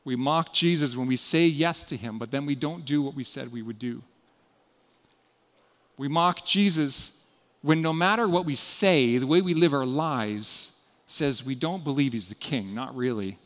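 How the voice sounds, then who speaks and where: A man preaching a sermon as pastor, earnest and often dropping to a quiet, intimate tone. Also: medium pitch, a little slow. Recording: long hall reverb.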